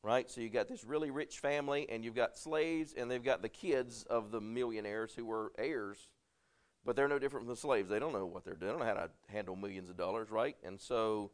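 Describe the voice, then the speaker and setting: A man's voice: mid-range voice, fairly quick. A middle-aged man, a pastor preaching a conversational sermon and often checking in with "right?".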